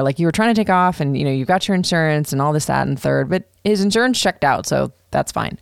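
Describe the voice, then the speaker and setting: A woman in her thirties telling a personal story to camera in an animated, casual way, full of "like" and swearing freely. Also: low-pitched, vocal fry, no room sound, clean studio sound. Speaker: vlogger. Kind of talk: storytime monologue.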